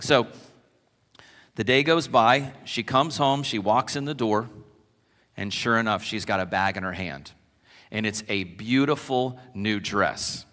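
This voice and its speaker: A man preaching a sermon as pastor, animated and conversational, telling stories to his congregation in a church sanctuary. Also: lowish voice, a little slow. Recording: long church reverb.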